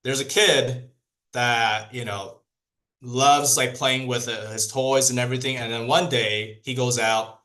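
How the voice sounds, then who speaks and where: A man's voice: medium pitch, fairly even intonation, a little slow, pushed and bright. A man coaching his sales team with a casual, rambling delivery that is full of restarts and fillers. He speaks in an ordinary mid-range voice. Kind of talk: motivational training talk.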